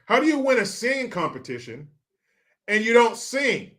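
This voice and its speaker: Man, high voice, sarcastic profane rant, mocking commentary host. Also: very animated, moderate pace, a bit bright. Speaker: show host. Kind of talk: ranting political commentary.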